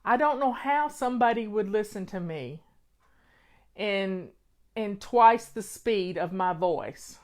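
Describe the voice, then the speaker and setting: A woman's voice: medium pitch, animated, takes it slowly, a little mellow. A woman with a Southern accent, hosting a live stream and giving folksy, motherly advice in casual chat. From Southern United States. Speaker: host of a home-organizing live show.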